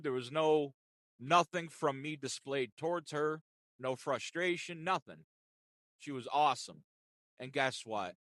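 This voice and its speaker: Give me a man ranting about a phone call, animated and profane, with a very lively pitch. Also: no room sound. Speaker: content creator. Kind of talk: ranting storytime.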